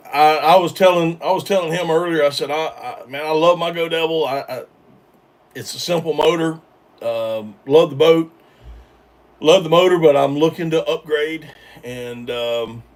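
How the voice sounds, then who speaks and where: A man's voice: on the high side, recorded from a distance. Rambling man hosting a livestream. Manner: rambling, hesitant, full of ums and repeated starts. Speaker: livestream host reading chat. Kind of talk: casual live-stream chat.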